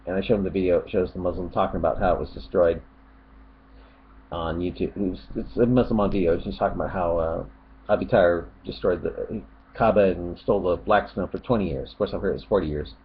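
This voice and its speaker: A man's voice: low voice, brisk, lo-fi sound, slight background noise. A man in casual commentary, reading out online comments and answering them in a mocking, rambling, sarcastic way.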